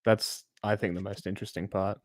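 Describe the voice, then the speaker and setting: A man's voice: fairly low pitch, flat delivery, brisk. A man co-hosting a stream, reacting to a video in laid-back, teasing chat. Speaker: stream co-host.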